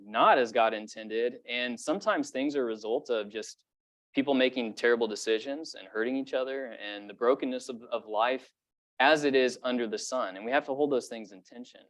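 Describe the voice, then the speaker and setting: A young adult man preaching a sermon in a casual, conversational way, full of fillers and rising when he stresses a point. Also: medium pitch. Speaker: pastor.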